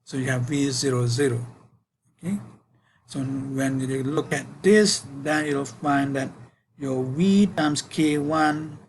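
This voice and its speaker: Slow, halting male physics lecturer. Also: mid-range voice, slight background noise, poor audio. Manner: slow, halting, with frequent fillers and self-corrections. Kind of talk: university lecture.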